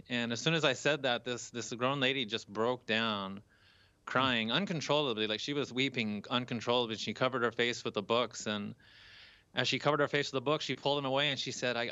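A man's voice: mid-range voice, sharp tone, clean tone, dry recording, dull audio. A young man, a college student, telling a personal story earnestly in an interview, with some restarts. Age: young adult.

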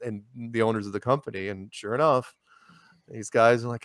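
Animated, laughing man storyteller. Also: medium pitch, fast talker, no echo, clean studio sound. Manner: animated, laughs often, restarts sentences. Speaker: interview guest. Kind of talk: casual storytelling conversation.

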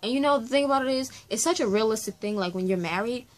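A woman hosting a casual reading vlog, talking in an animated, exclamatory way with lots of slang. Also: on the high side, quick pace. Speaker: book vlogger.

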